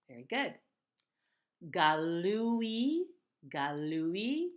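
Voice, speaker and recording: Woman, Hebrew reading teacher, very slow and deliberate, lowish voice, patient syllable-by-syllable sounding out. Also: big pitch swings. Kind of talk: slow step-by-step reading lesson.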